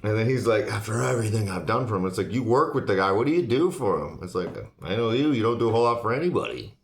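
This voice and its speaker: A man's voice: on the low side, lively intonation, fast. A man talking bluntly in a casual monologue, swearing constantly as he rants. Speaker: host. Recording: echoey room.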